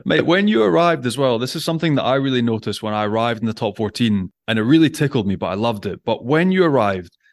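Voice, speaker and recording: A man's voice: mid-range voice, animated, quick pace, dry recording. A man co-hosting a casual chat, jovial and teasing, laughing as he talks. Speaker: podcast co-host, former prop.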